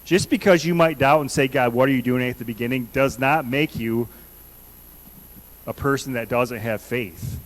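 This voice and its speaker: A man's voice: medium pitch, normal speed, rough recording. A man preaching a conversational sermon in a church, earnestly repeating questions to the congregation. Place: church sanctuary.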